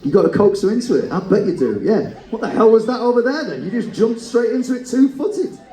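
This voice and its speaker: A man hosting a comedic live game show on a cruise ship, teasing contestants with quick banter and frequent laughter. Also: high voice, expressive, warm tone, reverberant, low-quality recording.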